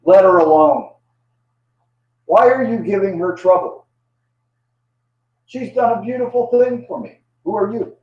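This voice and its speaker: A man voicing a calm, firm male teacher who defends a woman, speaking with an earnest, lifted voice. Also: sits high, fast, few pauses, voice pushed up, lightly acted. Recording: dull, distant, echoey room sound.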